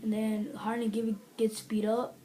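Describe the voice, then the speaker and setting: A woman's voice: a little high, completely flat delivery, unhurried, dark tone, poor audio. A woman giving a casual spoken movie review, rambling through the story with lots of "like" and acting out lines in other voices. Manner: rambling retelling full of "like", acting out quotes.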